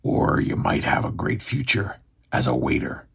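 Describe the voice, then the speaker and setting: Wolverine, a man growling gruff and gravelly. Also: on the low side, big pitch swings, moderate pace, a bit bright, exaggerated voice. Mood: wry. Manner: terse, wry tough-guy inner monologue. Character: gruff mutant loner hero, middle-aged man, sardonic.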